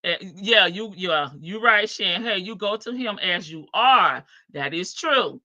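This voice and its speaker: A woman hosts a live stream, teasing and sassy as she reacts. Her voice is very bright and lively in pitch, and she talks at an unhurried pace. The sound is dry and slightly dull. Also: no echo. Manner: sassy, teasing, laughs often. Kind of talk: casual reaction commentary.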